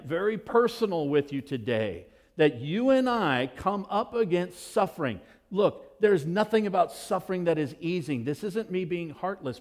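A man preaching a sermon as pastor, telling the story in an animated, expressive way. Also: on the high side.

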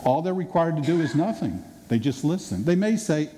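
A male pastor preaching a sermon in a conversational, animated way, acting out quotes, recorded in a reverberant hall. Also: a little high, a little fast. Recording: reverberant hall with faint noise.

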